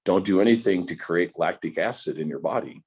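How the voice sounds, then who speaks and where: A stern basketball coach lays down instructions firmly to his players, voiced by an older man retelling the story. His voice is low and husky. He sounds like a plain everyday coach. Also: expressive, fairly quick, a little mellow. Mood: instructing. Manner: firm, instructing. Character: stern middle-aged male basketball coach.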